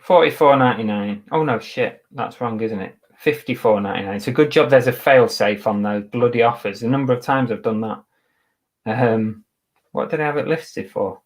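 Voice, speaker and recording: A man's voice: medium pitch, moderate pace. A man from Manchester, England, chatting casually on a live stream while listing items, muttering to himself and tossing asides to viewers. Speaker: eBay reseller streaming live. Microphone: webcam.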